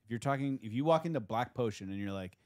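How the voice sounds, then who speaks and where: A man co-hosting a casual podcast chat, steering the talk with questions and an animated delivery. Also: mid-range voice, fast talker. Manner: leads the questions, animated, frequent laughs. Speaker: podcast co-host.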